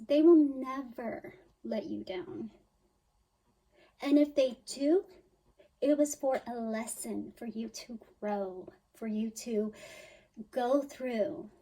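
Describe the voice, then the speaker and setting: Woman tarot reader, slow and mellow, soothing and emphatic delivery. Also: on the high side, low-quality recording. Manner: emphatic, soothing, with sighs and mock-quoted worries. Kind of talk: spiritual tarot reading.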